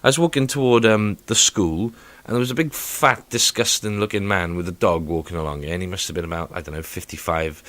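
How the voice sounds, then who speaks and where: A man co-hosting a casual podcast, telling stories in an animated, mocking way with sudden outbursts. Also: low voice, fairly quick, hardly any pauses. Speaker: podcast co-host. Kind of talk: casual chat.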